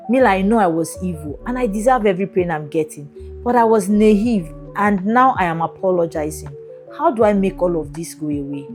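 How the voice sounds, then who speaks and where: A woman podcast host who reads a listener's letter aloud and adds expressive comments, often laughing between passages. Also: mid-range voice.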